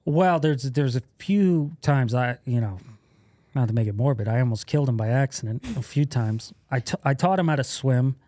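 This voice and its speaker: A man in his thirties, a podcast guest, telling stories in a casual, profane way, laughing often and acting out loud quotes. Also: mid-range voice, normal speed, dry recording. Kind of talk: casual storytelling.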